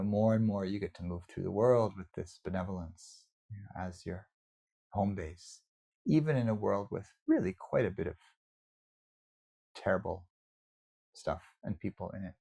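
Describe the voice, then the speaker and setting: A man meditation teacher giving a relaxed, conversational dharma talk over a video call, with many fillers. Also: lowish voice, gravelly, husky. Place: home, online session.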